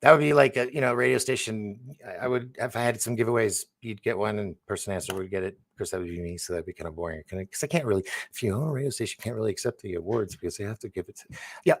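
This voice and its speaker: A fairly low, creaky voice belongs to a man hosting a livestream, talking very fast. His chat-reading is loose and rambling, punctuated by frequent laughter.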